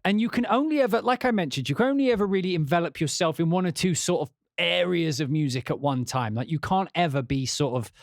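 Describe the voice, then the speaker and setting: An English composer talks loosely on a livestream, tripping over restarts and dropping swear words as he goes. His voice sits a little high for a man, and the sound is dry and close. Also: fast, creaky, few pauses, dry recording. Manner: rambling and profane, with many restarts. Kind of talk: casual livestream chat.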